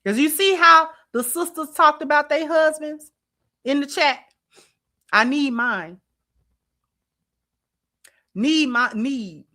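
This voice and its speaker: A woman's voice: sits high, takes it slowly, pauses often, sharp tone. A woman hosting a livestream, reacting to a clip and talking to her chat with emphatic rhetorical questions. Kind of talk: casual commentary to live chat.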